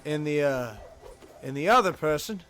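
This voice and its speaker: A man's voice: on the high side, expressive, moderate pace, fairly bright tone, soft background music. A man streaming a game live, chatting and joking to his viewers in a self-mocking way. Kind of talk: live gameplay commentary.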